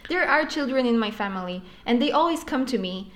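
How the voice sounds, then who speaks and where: A woman's voice: on the high side, lively intonation, moderate pace, a bit bright. A woman in her twenties, a podcast guest, talking bluntly in casual chat, swearing often and laughing. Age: 20s.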